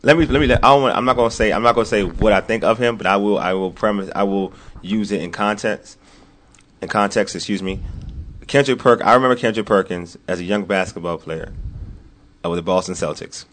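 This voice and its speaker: Guy co-hosting a sports talk show, lowish voice, gets worked up and then mutters low asides. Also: brisk, slight background noise. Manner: animated, repeats himself, drops into low muttering asides. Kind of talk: casual sports debate.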